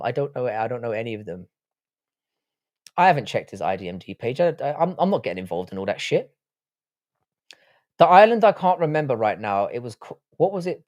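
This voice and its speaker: A man's voice: mid-range voice, darkish tone, dry recording, studio quality. A man from Ireland with a British accent, hosting a livestream and chatting casually and bluntly as he reads out viewer comments, swearing freely. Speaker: livestream host.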